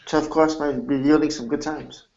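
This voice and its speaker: Brief: man handicapper, slightly high voice, halting casual chat, muffled lo-fi sound. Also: steady tone, darkish tone. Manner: hesitant, full of "I mean" and restarts. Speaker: horse racing handicapper. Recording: dull lo-fi recording.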